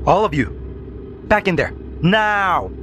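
A man's voice: medium pitch, moderate pace, fairly bright tone, a little hiss or hum, close to an everyday voice. A man doing a stern grave math teacher. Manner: formal, grave announcements. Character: stern middle-aged male math teacher.

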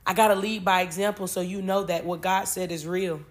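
A woman's voice: mid-range voice, steady tone, fairly quick. A woman, reading Bible verses and talking emotionally and informally, swearing freely, on her spiritual podcast.

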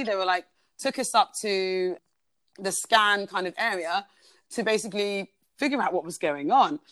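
A woman's voice: mid-range voice, fairly bright tone, no echo. Woman guest on a podcast, rambly chatty storytelling, lots of "like". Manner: chatty, fillers of "like" and "basically". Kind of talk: personal storytelling in conversation.

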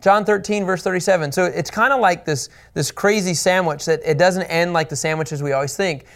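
A man's voice: high voice, a little fast. A man teaching the Bible as a pastor, earnest and emphatic, repeating his key points.

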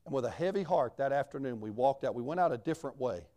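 A man's voice: medium pitch, expressive, quick pace, warm tone. A man in a mid-range voice preaches a sermon as a missionary. He tells the story in a plain, folksy way, with country grammar.

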